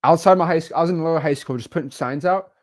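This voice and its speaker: A young man in his twenties hosting an interview, jokey and excitable, cutting in often. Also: a little high, very fast. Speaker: host. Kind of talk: casual interview chat.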